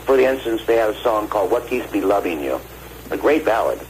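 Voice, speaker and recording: Older male guest on a phone line, deep voice, animated storyteller. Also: a little fast. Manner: animated, acts out quoted dialogue. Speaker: guest vocalist and producer. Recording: phone call with faint noise.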